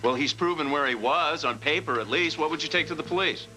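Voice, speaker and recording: An actor playing a calm, level-headed advisor who speaks in a measured, steady way in a TV drama. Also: male voice, fairly high pitch, over music, lightly acted, rough recording. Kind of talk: daytime TV drama acting.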